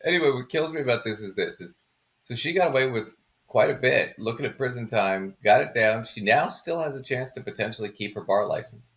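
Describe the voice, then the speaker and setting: A man's voice: medium pitch, lively intonation, brisk, fairly bright tone. A man hosting a casual commentary chat, chatty and mocking, often laughing. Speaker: host.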